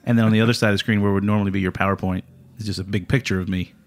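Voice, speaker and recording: A man hosting a podcast, telling stories in a casual chat with a co-host, chuckling and trailing off low at the ends of lines. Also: fairly even intonation, very fast. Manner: storytelling, chuckling, drops to a low mumble at line ends.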